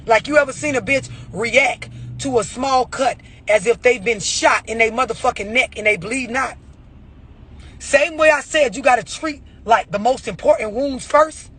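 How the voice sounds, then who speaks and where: A man's voice: extremely high pitch, moderate pace, fairly bright tone, husky. A man giving a blunt, profane motivational rant about overreacting, full of rhetorical questions. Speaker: motivational speaker.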